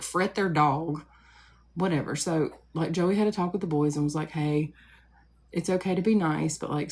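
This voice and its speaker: Low raspy-voiced woman venting on a live stream, rambly, lots of "like"s. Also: a little mellow. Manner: rambling, with many likes and asides. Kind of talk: casual storytelling to a live audience.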